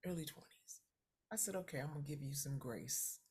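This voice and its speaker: A woman co-hosting a podcast, an animated storyteller who acts out what people said. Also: low-pitched, brisk, husky. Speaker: podcast co-host. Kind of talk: casual chat.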